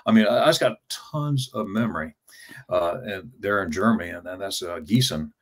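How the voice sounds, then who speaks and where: Fifties male, lowish pitch, casual storyteller, stammers and repeats words. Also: moderate pace. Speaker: travel vlogger telling his story as an interview guest.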